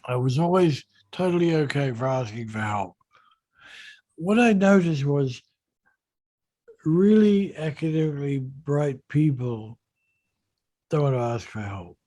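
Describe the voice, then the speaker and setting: A man, a yacht designer in an interview, telling a story in a relaxed, unhurried and self-deprecating way. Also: a little high.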